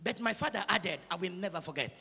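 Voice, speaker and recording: Nigerian preacher, high and sing-song. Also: male voice, animated, fast, creaky, husky, in a large hall. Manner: emphatic, sing-song preaching with shouted peaks. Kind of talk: sermon. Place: large church hall.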